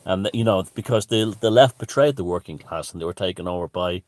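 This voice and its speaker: A man's voice: deep voice, brisk, a little mellow, no room sound. A middle-aged Irish man giving a profane, sarcastic ranting monologue, full of "you know". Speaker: satirist.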